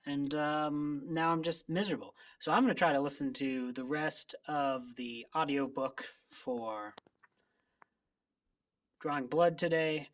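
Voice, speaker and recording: A woman's voice: deep voice, a little slow, distant mic. A woman chatting casually in a home vlog, rambling and poking fun at herself. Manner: chatty, self-deprecating, rambling. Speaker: book vlogger. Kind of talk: casual chat.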